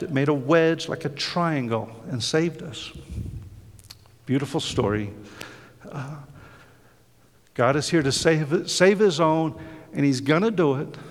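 A man's voice: on the high side, in a large hall. A man preaching a sermon, telling a story with passion and many fillers, then leading a prayer. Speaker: pastor.

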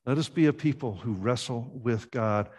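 A man's voice: mid-range voice, normal speed, a little mellow, slightly rough. A man preaching a sermon as pastor, earnest and conversational, often restarting his phrases.

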